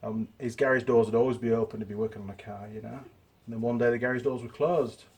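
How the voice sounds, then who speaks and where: A middle-aged man with a husky, slightly rough voice talks through a car job in his home workshop. His delivery is chatty and relaxed, full of asides and self-deprecating jokes, pitched at a middle height for a man. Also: fast. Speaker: mechanic host. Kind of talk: casual workshop tutorial.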